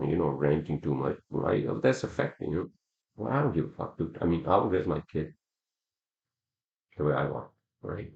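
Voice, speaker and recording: A man's voice: deep voice, creaky, darkish tone. A man hosting a solo podcast, ranting heatedly and swearing a lot, often asking "all right?". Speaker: podcast host. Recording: roomy, dull lo-fi sound.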